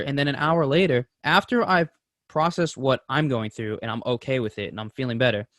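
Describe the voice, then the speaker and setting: A man's voice: medium pitch, dry recording, clean studio sound. A man co-hosting a casual podcast, talking openly and rambling, swearing freely. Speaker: podcast co-host.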